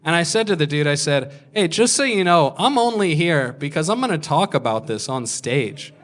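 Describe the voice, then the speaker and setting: Crude stand-up man, fairly high voice. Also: moderate pace. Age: 20s. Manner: crude, deadpan storytelling with sudden shouted punchlines. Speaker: stand-up comedian. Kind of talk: stand-up storytelling.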